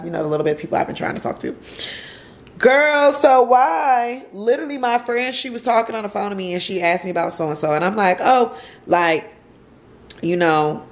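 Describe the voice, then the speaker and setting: Emotional woman vlogger with a lowish voice. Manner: emotional, repetitive storytelling with slang. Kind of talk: casual storytelling vlog to camera. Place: home.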